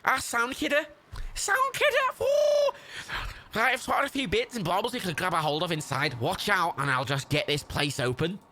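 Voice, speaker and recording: A man voicing a scheming male scrap scavenger with a put-on Liverpool accent, loud and wheedling. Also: sits high, very animated, moderate pace, a little hiss or hum, voice pushed up, exaggerated voice. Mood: coaxing.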